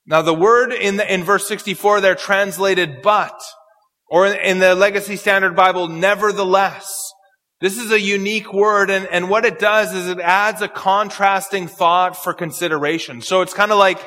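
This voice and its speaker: A man preaching an expository sermon, reading and explaining scripture verse by verse and slowing to quote it. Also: high-pitched, sharp tone, big-room sound.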